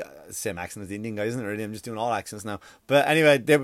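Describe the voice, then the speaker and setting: A man's voice: fairly low pitch, rapid-fire, few pauses, dry recording, clean studio sound. A man doing a comedy monologue, rambling and profane, with many "like" and "you know" fillers, from a workspace. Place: workspace across from a school.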